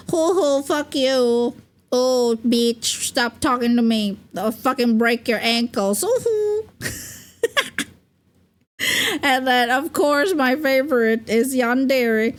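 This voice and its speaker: A young woman streaming as a VTuber in loose, rambling chat. Her voice sits a little high and she takes her time, drifting between thoughts with plenty of "like" and quick giggles. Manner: rambling, giggly, full of fillers. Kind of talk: casual livestream chat.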